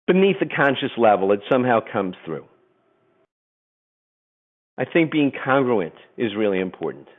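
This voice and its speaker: A middle-aged man giving a webinar presentation, telling stories in an animated way and acting out voices. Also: medium pitch, moderate pace, pauses often. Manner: animated storyteller, acts out voices. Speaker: program presenter. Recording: phone-like webinar audio.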